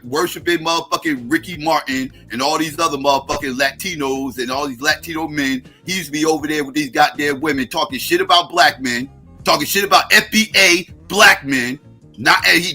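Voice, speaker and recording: A man's voice: a little high, pushed and bright. A middle-aged American man hosting a livestream, ranting in a heated, profane, combative way. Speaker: livestream host.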